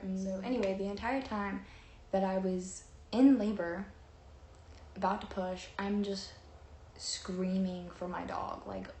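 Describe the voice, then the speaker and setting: A young woman sits and tells a personal story to the camera in a loose, rambling way, full of fillers and quoted lines. Her pitch sits in a middle range. The room adds a noticeable echo, with a faint hiss of noise behind her. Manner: rambling, animated, with many fillers and acted-out quotes. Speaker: vlogger. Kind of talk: chatty storytelling.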